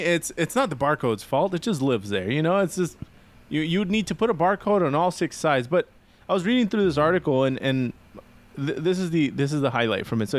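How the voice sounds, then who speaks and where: Male podcast host, slightly high voice, relaxed and chatty explainer. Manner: relaxed, talks through topics with fillers and laughs. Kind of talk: casual chat, introducing topics.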